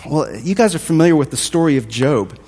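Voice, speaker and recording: A man preaching a sermon in a thoughtful, conversational way, with a husky voice. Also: fairly high pitch, animated, brisk, a little mellow. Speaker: pastor. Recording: long hall reverb.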